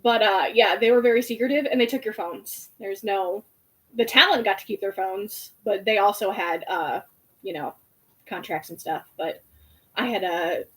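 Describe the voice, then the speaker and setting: A young woman in her twenties, chatting casually and telling an animated story with lots of fillers. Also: medium pitch, normal speed, rough recording. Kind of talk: casual chat.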